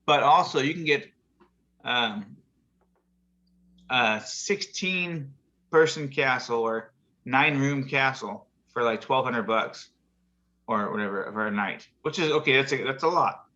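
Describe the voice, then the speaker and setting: A man's voice: medium pitch, a little slow, sharp tone. Rambling man telling jokes on a video call. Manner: chuckling, rambling joke-teller. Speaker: show host. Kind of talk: casual chat, reading jokes. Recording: muffled video call audio.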